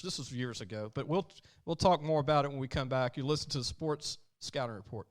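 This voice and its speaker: A man's voice: medium pitch, quick pace. A man hosting a sports podcast, telling stories in a chatty way and acting out the people he quotes. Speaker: podcast host. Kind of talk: casual sports talk.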